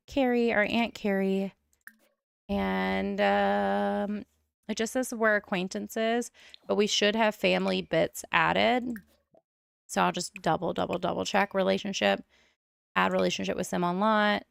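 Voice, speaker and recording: A woman streamer giving casual, excitable gameplay commentary, thinking out loud as she plays. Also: medium pitch, gravelly, clear, resonant tone, no echo, studio quality. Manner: chatty, excitable, thinks aloud. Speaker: streamer playing a life-sim game.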